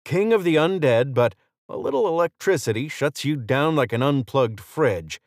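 A man's voice: mid-range voice, lively intonation, normal speed, no room sound, clean studio sound, voice pushed up, natural voice. A man reading the lines of a cocky male federal agent in an audiobook, mocking and chatty. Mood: smug.

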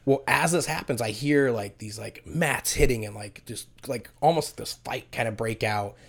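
Male co-host, casual storyteller, filler-heavy, profane, average pitch. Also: normal speed, creaky, a bit bright. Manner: swears, acts out quoted voices; rambling, full of "like". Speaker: podcast co-host telling a story. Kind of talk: casual chat.

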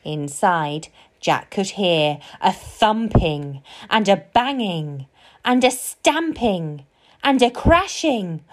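Woman storybook reader, slow, expressive, melodic read-aloud. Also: medium pitch. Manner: slow, sing-song and expressive.

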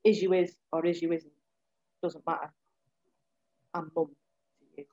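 A woman who is a poet, reading her short poems in a soft, measured way and chatting between them. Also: deep voice, flat delivery, highs cut off. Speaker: poet, guest. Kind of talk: poetry reading and casual chat.

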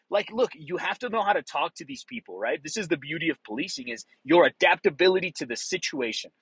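Middle-aged ex-cop type, husky, slightly high voice, blunt and profane, dry close sound. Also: male voice, expressive, brisk, few pauses, fairly bright tone, no room sound, low-quality recording. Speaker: former police officer. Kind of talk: casual monologue.

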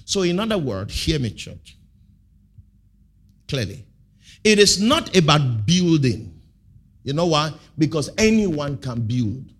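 A man preaching a sermon, throwing half-finished questions to the congregation and stressing key words with sudden loud, drawn-out bursts. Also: fairly high pitch, very animated. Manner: call-and-response preaching, leaving blanks for the congregation. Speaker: pastor.

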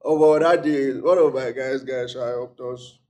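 A man's voice: mid-range voice, moderate pace, background noise. A Nigerian man, a guest on a chat show, telling stories about his travels with a straight face. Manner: deadpan, straight-faced humor. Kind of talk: casual storytelling.

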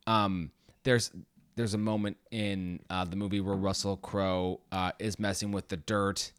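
A man's voice: sits low, level tone, unhurried, smooth, no echo, studio quality. A man co-hosting a podcast, chatting casually with lots of restarts and casual swearing. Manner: rambling, frequent restarts and laughter. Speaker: podcast co-host. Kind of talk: casual chat.

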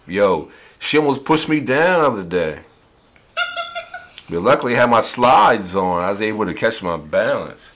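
A man's voice: on the low side, expressive, moderate pace, background noise. A man from South Jersey hosting a casual podcast chat, joking and laughing often. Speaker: podcast host.

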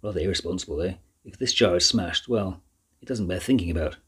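A man voicing an eccentric, polite professor in a storybook reading, brisk and evasive. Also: low-pitched, fairly bright tone, slightly rough, full character voice.

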